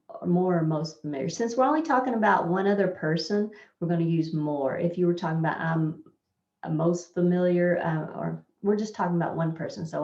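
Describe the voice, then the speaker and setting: A woman's voice: on the low side, normal speed, gravelly, warm tone. A woman teaching a test prep grammar lesson, explaining over slides in a plain, patient way and thinking aloud with fillers. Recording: echoey, dull lo-fi room recording.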